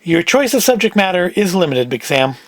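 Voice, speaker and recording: A man's voice: high-pitched, sing-song, fairly quick, slight background noise. A man voicing a small, nervous male gambling fixer from New York in a cold-read of a script; he pleads in a jittery, wordy way. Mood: pleading.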